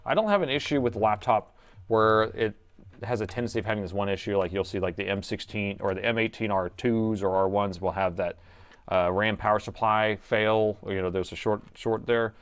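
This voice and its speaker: A man's voice: fairly low pitch, fairly quick, clean tone. A middle-aged man hosting a live repair stream, thinking aloud as he works and chatting to viewers in a casual way. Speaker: repair technician and stream host.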